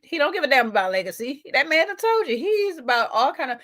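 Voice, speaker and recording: Animated woman chatting in AAVE. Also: sits high, fast talker. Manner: animated, talks while eating, teasing asides. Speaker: podcast co-host. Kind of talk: casual chat to viewers.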